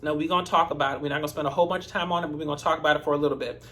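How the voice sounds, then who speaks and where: A man's voice: fairly high pitch, steady tone, rapid-fire, pushed and bright. A man giving casual recap commentary on a TV episode, chatty, with sassy asides to his viewers. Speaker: TV episode reviewer.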